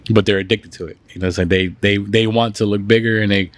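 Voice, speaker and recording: A man's voice: on the low side, steady tone, fast talker. A man co-hosting a casual podcast chat, loose and profane, laughing often.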